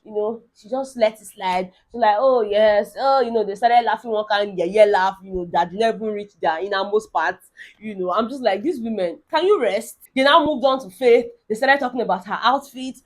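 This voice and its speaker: A young Nigerian woman recapping a reality show in sassy, animated commentary, slipping into Pidgin and mimicking the cast. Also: medium pitch, a little fast. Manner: sassy, animated, mock-quoting others. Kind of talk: casual commentary mixing Pidgin.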